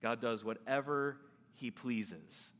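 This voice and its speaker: A man preaching a sermon as pastor, earnest, leaning on slow emphatic stresses. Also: mid-range voice, a bit bright. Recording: long hall reverb.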